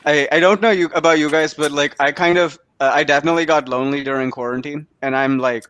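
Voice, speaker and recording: Young male comedy host from Canada, slightly high voice, rambling self-mocking delivery, laughs at his own lines, dry video-call sound. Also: fairly even intonation, fast talker, a bit bright, smooth, no room sound, highs cut off. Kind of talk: stand-up comedy set.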